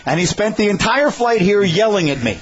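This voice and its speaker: A man's voice: high voice, very animated, brisk, husky. A man hosting a sports talk radio show, steering the conversation with questions. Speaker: host. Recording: slightly dull radio recording.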